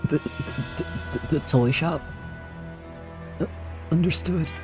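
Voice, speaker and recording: A man's voice: fairly high pitch, slow, over music, pitched above the performer's own voice. A man voicing a nervous male henchman who stammers and hesitates, in a game playthrough.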